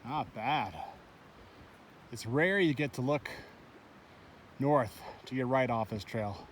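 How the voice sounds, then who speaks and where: A man's voice: mid-range voice, slow, a little hiss or hum. A middle-aged man filming himself on a solo backpacking trip outdoors, talking into a handheld camera in a rambling, shaken way and swearing as he goes. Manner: shaken, swearing, breathless retelling of a bear encounter. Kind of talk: handheld trail vlog. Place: outdoors on a mountain trail.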